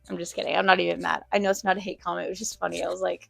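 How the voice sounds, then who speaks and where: A woman's voice: fairly low pitch, flat delivery, very fast, gravelly, few pauses, fairly bright tone, dry recording, faint music behind. A young woman from Arizona chatting casually to viewers in a pet vlog, rambling with fillers and often a little out of breath. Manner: chatty, rambling, with many fillers and self-corrections. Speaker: pet vlogger.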